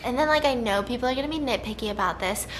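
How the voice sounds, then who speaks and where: A woman vlogger chatting casually, an animated storyteller who laughs often and acts out other people's voices. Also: a little high, racing, noisy background. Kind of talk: casual chat.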